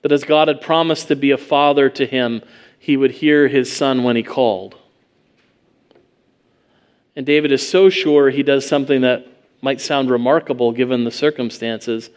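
A man's voice: medium pitch, steady tone, moderate pace. A man preaching an expository sermon, earnest, asking rhetorical questions and reading scripture aloud.

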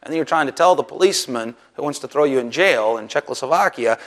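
A man preaching a sermon to his congregation, animated, often rising sharply in pitch and loudness to stress a point. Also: fast, hardly any pauses. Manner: animated preaching, voices Bible figures with sarcasm; rises sharply in pitch and volume for emphasis. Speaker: pastor.

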